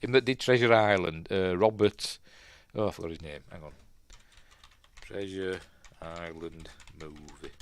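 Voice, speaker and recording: A man's voice: deep voice, measured pace, a little hiss or hum. A man with a Yorkshire accent giving casual, rambling commentary on a film as he watches, chatty and prone to tangents. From Yorkshire, England. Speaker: film reviewer, channel host.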